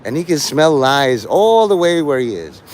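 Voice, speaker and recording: A man's voice: a little high, big pitch swings, moderate pace, a little mellow, slight background noise. A man live-streaming in a rambling, sarcastic and profane way, mocking a chat viewer. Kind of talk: rambling livestream banter.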